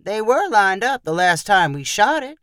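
A man's voice: sits high, sing-song, a little slow, fairly bright tone, dry recording, studio quality, heavily acted. A man reading the part of an easygoing old ranch grandfather, drawling and matter-of-fact.

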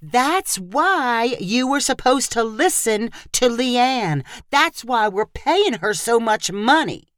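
A woman's voice: a little high, sing-song, takes it slowly, few pauses, a bit bright, no room sound, studio quality, voice pushed up, heavily acted. A woman voicing a sweet but exasperated wife who coaxes and scolds her husband. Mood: coaxing. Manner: coaxing, then scolding.

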